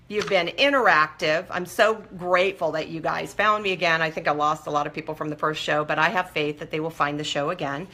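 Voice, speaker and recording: A woman's voice: on the low side, pushed and bright. A woman hosting a live-streamed recovery support talk, coaching viewers in an earnest, direct way.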